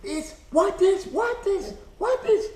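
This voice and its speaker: A man's voice: very high-pitched, animated, takes it slowly, darkish tone, voice pushed up, exaggerated voice. A man putting on a frustrated middle-aged woman with a Chinese accent, asking the same broken-English question over and over. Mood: puzzled. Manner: insistent, repetitive questioning. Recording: roomy echo.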